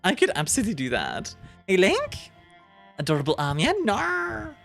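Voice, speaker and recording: A woman's voice: low-pitched, wildly swooping pitch, fairly quick. A woman streamer chatting casually with her viewers, giggly and rambling, with lots of restarts. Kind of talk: casual chat reading viewer messages. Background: quiet background music.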